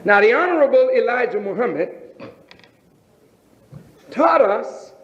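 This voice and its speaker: A man preaching as a minister, emphatic, with rhetorical questions and drawn-out phrasing. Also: very high-pitched, animated. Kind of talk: sermon. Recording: roomy, dull lo-fi recording.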